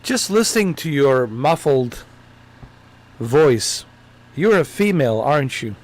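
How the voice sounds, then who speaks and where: A man's voice: mid-range voice, very animated, takes it slowly. A man live-streaming a game, casually and playfully talking back to the characters. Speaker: gaming streamer.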